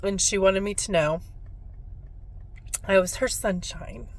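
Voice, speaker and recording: A woman's voice: medium pitch, takes it slowly. A woman who works as a spiritual medium, telling a personal story in a heartfelt, reflective way on her vlog.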